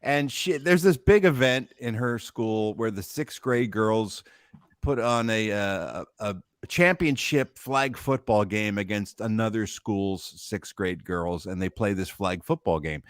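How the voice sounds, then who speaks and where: A middle-aged man chatting as a guest, talking about his daughter in a measured, reflective way. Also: lowish voice, dry recording, studio quality. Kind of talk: casual chat.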